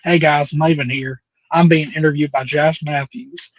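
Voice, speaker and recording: A man's voice: on the high side, normal speed, no room sound, highs cut off, lightly acted. A man putting on a boastful wrestler's voice with a put-on Southern drawl, in a comedic impression. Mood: smug. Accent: put-on American Southern. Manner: boastful, cocky, deadpan.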